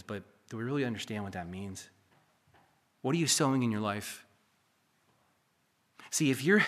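A male pastor preaching a sermon, building to emphatic peaks and then dropping to quiet, confiding asides. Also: medium pitch. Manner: preachy, rises to near-shouting then drops to a hush.

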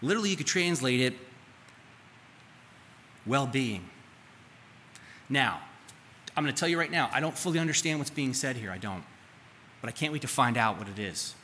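A man's voice: medium pitch, lively intonation, normal speed, long pauses, sharp tone. A man preaching a sermon as a pastor, talking casually and putting questions to his congregation. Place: church sanctuary. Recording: live church hall reverb, faint room noise.

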